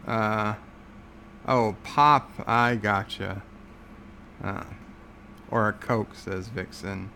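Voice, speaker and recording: Male livestream host, gravelly, slow-talking, sarcastic rambler, faint hum in the room. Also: mid-range voice, a bit bright. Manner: rambling, sarcastic, many filler words. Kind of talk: casual livestream chat.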